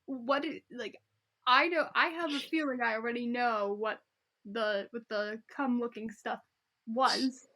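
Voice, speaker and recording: A woman's voice: a little high, a little slow. A young woman co-hosting a podcast, chatting casually and reading posts aloud while often breaking into giggles. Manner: giggly and animated, often laughing mid-sentence. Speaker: podcast co-host.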